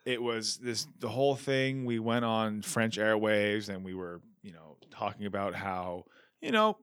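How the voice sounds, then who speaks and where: A man's voice: fairly low pitch, level tone, a little slow, a bit bright, clean tone, no room sound, studio quality. A young man hosting a podcast, talking in joking, sarcastic banter. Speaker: podcast host.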